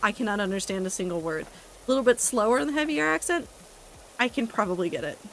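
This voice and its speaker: A woman streamer in easy casual chat with her viewers, wry and talkative, answering chat questions as they come. Her pitch sits in an ordinary middle range, and a faint hiss of noise lies under her desk mic. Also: lively intonation, quick pace, low-quality recording. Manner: chatty, wry, reacting to chat with asides and profanity.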